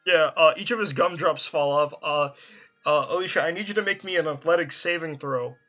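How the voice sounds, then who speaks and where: A man's voice: fairly high pitch, a little fast, sharp tone, muffled recording, soft background music. A man narrating as game master in a tabletop game, talking casually, swearing freely and restarting often.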